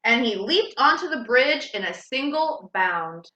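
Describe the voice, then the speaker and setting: A woman reads a children's storybook aloud, slow and sing-song, with a lively, high voice. Her bright tone rings in an echoey room.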